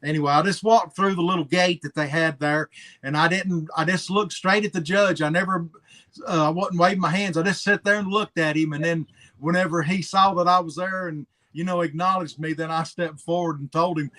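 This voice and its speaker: A man with a bright, somewhat high voice tells an old story in easy, laid-back chat. He chuckles along the way and keeps his tone casual. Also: fairly even intonation, fairly quick. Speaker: car show co-host.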